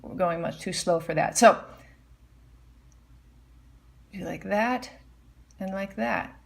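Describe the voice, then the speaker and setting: In a casual piano lesson, a woman with a creaky, mid-range voice speaks at a measured pace. She walks through notation, humming and scatting melodies and singing them on "da."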